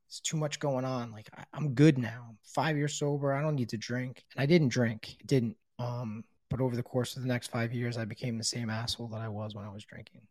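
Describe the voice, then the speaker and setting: A middle-aged man tells his own story with blunt honesty, swearing freely and leaning on casual fillers. His voice sits at an ordinary pitch. The recording is dry, with no room sound around him. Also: a little mellow, no room sound. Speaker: guest sharing his recovery story. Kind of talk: candid personal storytelling.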